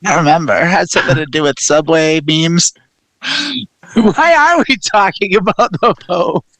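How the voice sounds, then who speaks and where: A woman's voice: fairly low pitch, lively intonation, moderate pace, fairly bright tone. A young adult woman co-hosting a podcast in casual comedic chat, giggling often as she riffs on absurd ideas. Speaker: podcast co-host.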